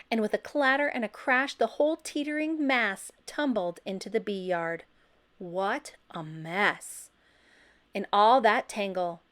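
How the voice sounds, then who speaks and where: A woman reading a children's picture book aloud, expressive and breaking into loud high calls for the characters. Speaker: storybook reader.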